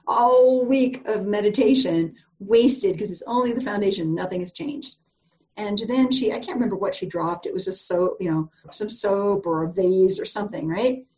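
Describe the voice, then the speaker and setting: A woman leads a live group call, talking through a meditation in a loose, chatty storytelling way. Her voice is mellow and sits at an ordinary pitch. She rambles a little, with plenty of fillers and restarts. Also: moderate pace, rough recording. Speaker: coach leading a group call.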